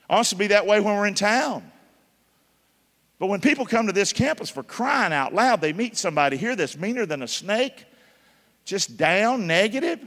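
A man's voice: high voice, pushed and bright, big-room sound. A man preaching a sermon as pastor, emphatic, spelling words out and throwing call-and-response questions to the congregation in a church.

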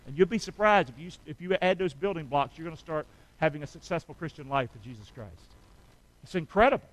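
A man's voice: on the high side, lively intonation, fast, rough recording. A middle-aged man preaching a sermon as pastor, calling out to the congregation for amens and answers. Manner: call-and-response preaching, asking the congregation for amens.

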